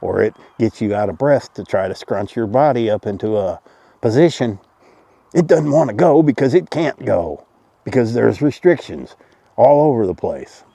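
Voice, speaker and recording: A man with a drawl talks straight to the camera, folksy and full of deadpan jokes. His voice is very dark and mellow. The sound is dry and close, with no room around it. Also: mid-range voice, moderate pace, creaky, no room sound. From Arkansas. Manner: folksy, joking, deadpan irony. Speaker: vlogger. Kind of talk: casual direct-to-camera talk.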